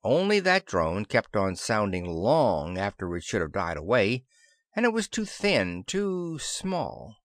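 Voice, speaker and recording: A man's voice: lowish voice, wildly swooping pitch, takes it slowly, no room sound, studio quality. A man narrating a science fiction audiobook in the first person, giving the characters their own voices. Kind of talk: scripted narration.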